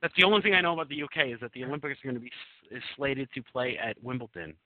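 A man's voice: medium pitch, lively intonation, rapid-fire, a little hiss or hum. A man hosting a casual live call-in podcast, rambling and hesitant with many restarts. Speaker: podcast host. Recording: tinny phone-line call-in audio.

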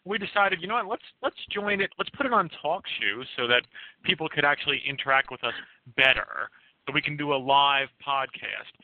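A man's voice: fairly high pitch, animated, brisk, no room sound. A man, a band member co-hosting a casual podcast, explaining things at length in an easygoing way. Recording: tinny phone-line call-in audio.

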